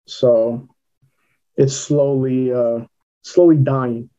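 A man with a clear New York accent speaks in a plain, matter-of-fact way, answering questions in a casual interview. His voice is mellow and warm. The recording sounds dull and lo-fi. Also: mid-range voice, fairly even intonation, extremely slow. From Queens, New York. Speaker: filmmaker guest.

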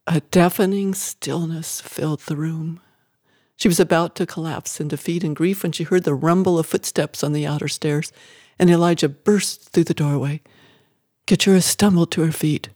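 A narrator giving an expressive, emotive audiobook reading of a story. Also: mid-range voice, moderate pace, no echo, studio quality.

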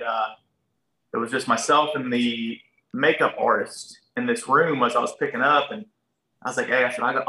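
A man's voice: medium pitch, roomy sound, recorded from a distance, rough recording. Folksy man. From Ohio, USA. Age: 30s. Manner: folksy, animated, acts out other people's lines. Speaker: guest. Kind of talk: casual storytelling.

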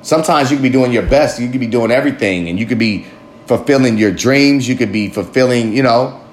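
A man's voice: mid-range voice, a little fast, slight background noise. A man talking candidly to camera in a rambling, self-reflective monologue, swearing freely and often laughing at himself. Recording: roomy echo with faint ambience.

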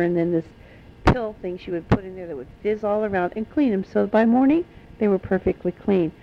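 Older woman storyteller, gravelly voice, homespun animated delivery, dull lo-fi recording. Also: medium pitch. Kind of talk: telling family stories to children.

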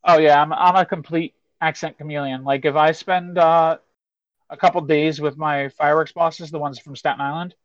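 A man's voice: fairly high pitch, fairly even intonation, normal speed, no echo. A man in casual chat, blunt and wisecracking, swearing a lot. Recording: dull lo-fi sound.

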